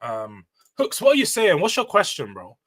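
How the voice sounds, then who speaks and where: A high, bright-toned man hosts a casual football live stream. He is loud and emotional, going off on a rant before bringing the tone back down. His delivery stays animated and conversational. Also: normal speed, low-quality recording. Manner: loud, emotional and animated, ranting then calming down. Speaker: livestream host.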